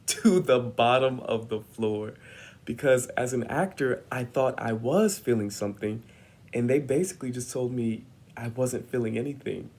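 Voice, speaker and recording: A man's voice: mid-range voice, darkish tone. A young man telling a personal story in a vlog, acting out the voices of the people he quotes with lots of energy. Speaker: vlogger.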